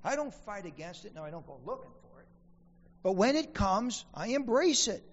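A man's voice: high-pitched, very animated, normal speed, in a large hall, dull audio. A man preaching a sermon as pastor, asking the congregation questions and repeating key lines for emphasis. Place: church sanctuary.

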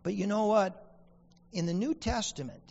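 A man's voice: sits high, expressive, moderate pace, creaky, darkish tone, big-room sound, lo-fi sound. A man preaching a sermon as pastor, asking the congregation questions and repeating key lines for emphasis. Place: church sanctuary.

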